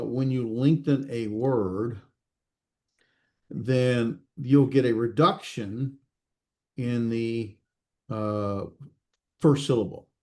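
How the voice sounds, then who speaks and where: A man teaching a recorded class, explaining slowly with many fillers and restarts and checking in with his students. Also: medium pitch, mellow. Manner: checks in with students, self-correcting. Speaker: instructor.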